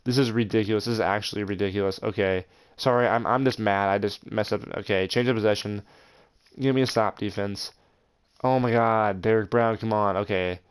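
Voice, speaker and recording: A young man hosting his gaming channel, commenting over football video game footage in an excitable way with frustrated outbursts. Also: fairly low pitch, brisk, smooth. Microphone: voice-over over gameplay.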